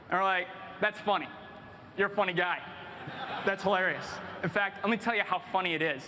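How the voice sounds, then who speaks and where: Excited bright-voiced man presenting on stage. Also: sits high, fairly quick, slight background noise. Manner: excited, animated storytelling. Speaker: game designer presenting on stage. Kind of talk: convention panel presentation. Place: large convention hall stage.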